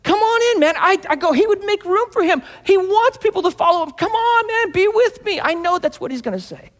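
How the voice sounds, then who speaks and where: Pastor, male, high voice, casual sermon with acted-out dialogue, reverberant hall. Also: animated, quick pace, fairly bright tone. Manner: conversational, acts out Bible scenes in dialogue.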